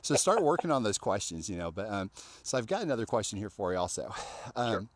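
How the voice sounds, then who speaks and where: Podcast host, male, slightly low voice, loose and rambling delivery. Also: big pitch swings, quick pace. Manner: rambling, lots of fillers and restarts. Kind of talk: casual interview chat.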